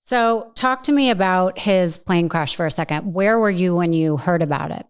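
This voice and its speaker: A woman hosting a podcast interview, gently probing her guest with follow-up questions. Her voice is lowish and smooth, with a clean, resonant tone. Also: moderate pace. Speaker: podcast host.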